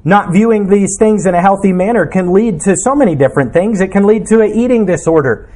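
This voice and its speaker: A man's voice: high voice, a little fast, a little mellow. A man, a pastor, preaching a sermon in an earnest, reflective way, asking his listeners questions.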